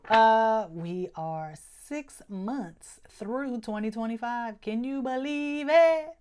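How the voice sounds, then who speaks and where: A woman's voice: on the high side, expressive, takes it slowly, darkish tone, smooth. A woman with speech giving a casual, chatty monthly tarot reading as host, full of slang and frequent "okay?" check-ins. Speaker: tarot reader.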